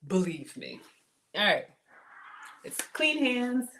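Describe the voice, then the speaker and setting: A woman in her forties with a mild Southern American accent hosts a cooking livestream in a high-ish, sing-song, slightly bright voice, speaking slowly over a little hiss or hum. She chats casually as she cooks, calling viewers "y'all" and thanking them for their support.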